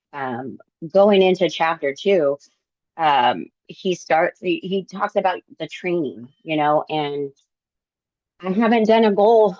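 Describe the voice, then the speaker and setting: A middle-aged woman shares her thoughts in a casual book discussion, slowly and haltingly, pausing often with fillers. Her voice sits a little low. The sound is dry and a bit muffled, as over a video call. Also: dry recording. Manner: halting, reflective, many fillers. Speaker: book club member.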